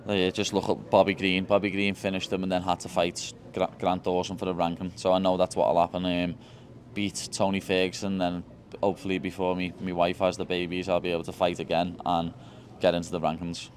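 A man's voice: low-pitched, monotone, brisk, few pauses, slight background noise. A young man with a Liverpool accent, answering interview questions in a blunt, cocky way. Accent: Liverpool English. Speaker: fighter.

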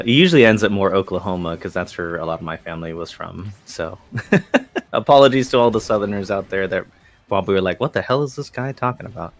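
Low-voiced man on esports color commentary. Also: fairly bright tone. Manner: analytical, chatty, with laughs and restarts. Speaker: esports co-caster.

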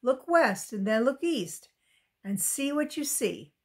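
Woman reading a stern pioneer dad, firm and slow, storybook voice. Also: high voice, animated, heavily acted. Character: stern, sober pioneer father.

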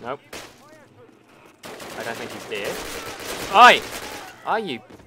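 A man giving let's-play commentary on a war game, excitable and ranting, swearing at the game. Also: medium pitch, slow pace, heavy background noise. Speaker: gaming channel host.

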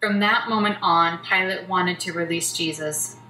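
Woman scripture narrator, bright tone, lower pitch, far mic in a roomy church. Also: normal speed. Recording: roomy church from a distance, faint noise.

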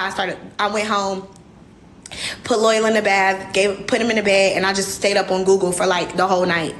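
A woman's voice: medium pitch, little pitch movement, normal speed, a bit bright, a little hiss or hum. A young woman, hosting a casual livestream and speaking candidly and emotionally to her viewers. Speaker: livestream host.

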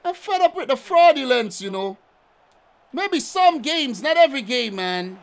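A man's voice: extremely high pitch, sing-song, unhurried, creaky. A man ranting in frustration while commentating his own gameplay as a streamer. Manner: exasperated ranting, keeps adding "man". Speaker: gaming streamer.

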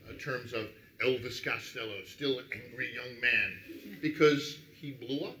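Man, middle-aged radio DJ, lively dinner storyteller, bright voice, roomy echo. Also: medium pitch, a little slow. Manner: animated anecdote teller, acts out quotes. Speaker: radio DJ guest. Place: restaurant dining room. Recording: echoey room.

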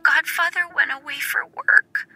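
A woman's voice: high-pitched, a little slow, no room sound, pitched above the performer's own voice. A woman voicing a tearful little girl. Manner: soft, teary, at times whispery.

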